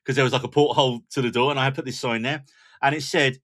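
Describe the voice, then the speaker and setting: A man's voice: medium pitch, fairly even intonation, quick pace, fairly bright tone. Chatty man hosting a podcast. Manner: chatty, self-mocking anecdotes, steers the topics. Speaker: podcast host. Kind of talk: casual chat.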